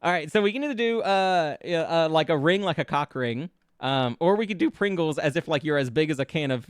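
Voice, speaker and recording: A man's voice: fairly high pitch, lively intonation, a little fast, smooth, dry recording, studio quality. A man streaming as a VTuber, chatting casually with his viewers, giggling often and stammering through restarts as he brainstorms song lyrics. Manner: giggly, playful, riffs with chat on lyrics. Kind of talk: casual live-stream chat.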